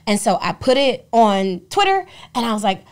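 A young adult woman co-hosting a podcast, telling stories in a profane, animated way and acting out the voices of the people in them. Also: fairly high pitch, moderate pace. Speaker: podcast co-host. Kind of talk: casual podcast storytelling.

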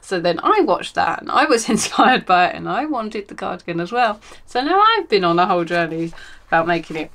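Lady rambling about her crafts at home, lots of ums, chatty and relaxed. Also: fairly low pitch, fairly quick. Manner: chatty and rambling, many ums and self-corrections. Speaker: crafting podcast host. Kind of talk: casual chat.

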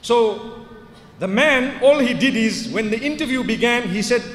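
A man's voice: extremely high pitch, lively intonation, unhurried, fairly bright tone. A man preaching in a mosque, telling stories with rhetorical questions and rising to emphatic outbursts. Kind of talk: lecture in a mosque. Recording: echoey hall with long reverb.

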